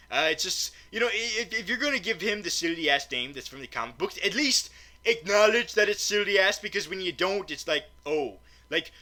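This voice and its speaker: A man's voice: fairly high pitch, pushed and bright. A man giving a comedic, rambling movie review, stammering and restarting often and swearing casually.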